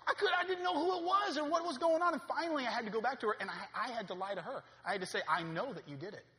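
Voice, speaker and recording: A man in his thirties preaching a sermon as a pastor, swinging from loud preaching peaks to quiet storytelling. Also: very high-pitched, very fast, a little hiss or hum. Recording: long reverb of a hall.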